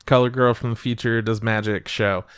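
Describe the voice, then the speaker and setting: Swearing, animated male podcast host. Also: moderate pace, smooth, no echo, clean studio sound. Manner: profane, animated retelling with falsetto quotes. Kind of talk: casual chat recapping anime.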